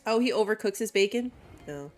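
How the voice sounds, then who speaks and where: A woman's voice: mid-range voice, lively intonation, brisk, faint music behind. A woman streamer casually talking through a city-building game and chatting with her viewers, laughing often. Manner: chatty, reads chat aloud, laughs often. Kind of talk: casual gameplay commentary.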